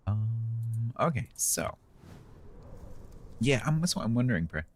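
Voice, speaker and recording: A British man streams a naval game and banters with chat in a dry, sarcastic way. His medium-pitched voice swings widely in pitch and runs a little slow, with faint music in the background.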